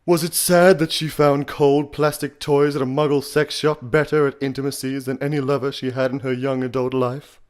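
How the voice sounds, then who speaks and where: A man's voice: mid-range voice, little pitch movement, moderate pace, few pauses, pitched above the performer's own voice, close to an everyday voice. A man voicing a smug card-game villain with an English accent slipping into American, speaking breathily with air in every word. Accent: English with American slips. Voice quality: breathy, airy exhale while speaking.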